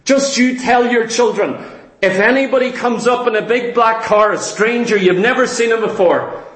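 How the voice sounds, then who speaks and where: Speaking slowly and deliberately in a high voice, a preacher gives a sermon built on rhetorical questions he answers himself to hammer his points. The recording carries the echo of a spacious church hall.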